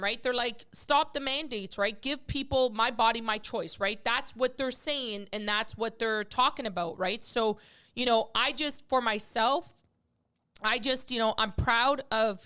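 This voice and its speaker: A woman's voice: a little high, unhurried, sharp tone, clean tone. A middle-aged woman hosting a podcast, talking in an emotional, rambling way full of fillers. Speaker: podcast host. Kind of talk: casual podcast chat.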